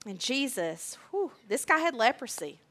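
A woman preaching a sermon, emphatic and deliberate, repeating key phrases. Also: a little high, very animated, pushed and bright.

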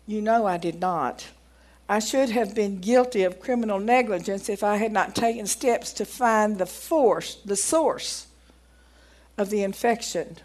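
A woman's voice: mid-range voice, measured pace. A woman giving a folksy sermon, reading aloud from a book and growing emphatic as she preaches. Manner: folksy, grows emphatic and loud when preaching.

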